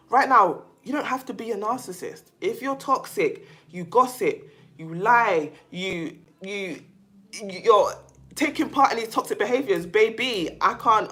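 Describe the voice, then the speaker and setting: Emphatic woman with a bright voice. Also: medium pitch. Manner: emphatic, animated, calls the listener "baby"; repeats herself and restarts often. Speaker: vlogger talking about narcissistic abuse. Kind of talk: casual monologue to camera.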